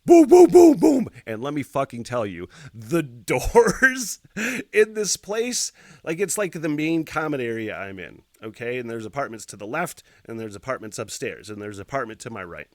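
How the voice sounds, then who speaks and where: Animated, swearing male podcast host. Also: mid-range voice, moderate pace, no echo. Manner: profane, expressive retelling with loud sound effects. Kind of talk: storytelling.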